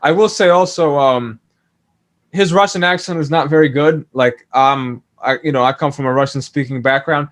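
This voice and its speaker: A man's voice: a little high, moderate pace, fairly bright tone. A man as a podcast guest, chatting casually about a TV series, thoughtful, with many fillers and restarts. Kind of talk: casual TV discussion.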